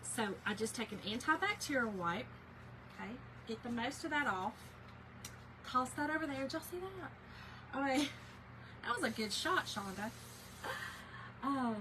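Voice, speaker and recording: A woman's voice: a little high, pushed and bright, slight background noise, poor audio. A woman chatting with viewers by name while she demonstrates a craft project on a livestream, with many fillers. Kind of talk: casual livestream craft tutorial.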